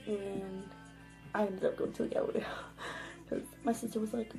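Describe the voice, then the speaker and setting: A woman's voice: medium pitch, little pitch movement, moderate pace, vocal fry, low-quality recording. Young woman vlogging a storytime, says like every other word, swears a lot, music playing behind her. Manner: rambling, heavy "like" filler, frequent swearing. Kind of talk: casual storytime. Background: background music.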